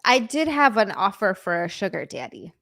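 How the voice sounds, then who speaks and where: A woman's voice: mid-range voice, big pitch swings, normal speed, fairly bright tone. A woman co-hosting a casual talk stream, giggling through light reactions. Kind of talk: casual podcast chat.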